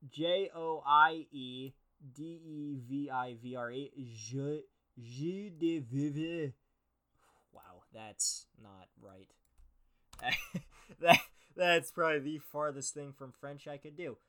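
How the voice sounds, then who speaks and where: A man's voice: medium pitch, a bit bright. A man hosting a solo podcast, reading aloud and reacting with sarcastic, profane, mock-outraged commentary. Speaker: podcast host.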